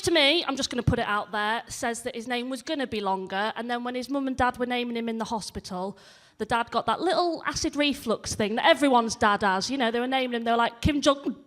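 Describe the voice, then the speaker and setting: Young woman, Yorkshire accent, stand-up comic, high voice, chatty, self-mocking. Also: a little fast, few pauses, a bit bright. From northern England, near Leeds. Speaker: stand-up comedian. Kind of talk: stand-up comedy set. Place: comedy hall stage.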